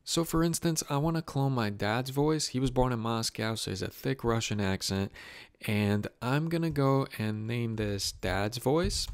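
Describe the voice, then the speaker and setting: A man hosting a software tutorial, explaining each step in a relaxed, chatty way into a close desk mic. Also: mid-range voice, moderate pace, smooth, no echo. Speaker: tutorial host. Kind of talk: casual software walkthrough.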